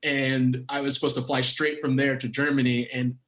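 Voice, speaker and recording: A middle-aged man, a former pro footballer, telling a story as a podcast guest, animated and laughing often. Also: mid-range voice, normal speed. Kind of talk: casual storytelling. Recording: roomy echoey sound.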